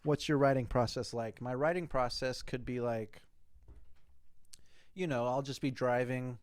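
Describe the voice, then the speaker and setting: A young man hosts his own show, working through listener questions in a relaxed, meandering way, peppered with fillers and the odd curse. His voice sits at an ordinary middle pitch. The sound is dry and close, with no room echo. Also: measured pace. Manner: loose and rambling, with fillers and swearing. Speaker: host answering listener questions. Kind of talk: casual chat.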